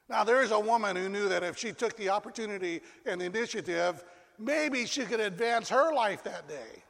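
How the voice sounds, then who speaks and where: A male pastor preaching a sermon, telling a story with dramatic pauses and dropping to a hush. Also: high-pitched, animated, gravelly. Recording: long reverb of a large hall.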